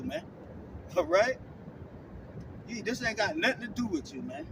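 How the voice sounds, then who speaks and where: A man with a very high voice preaches in a blunt, scolding way, ending almost every phrase with "man" or "all right?". He stands back from the mic outdoors, and clear traffic noise carries under his voice. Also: expressive, normal speed, long pauses, distant mic. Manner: scolding, blunt, profane street talk. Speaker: street preacher teaching scripture. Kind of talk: confrontational online sermon.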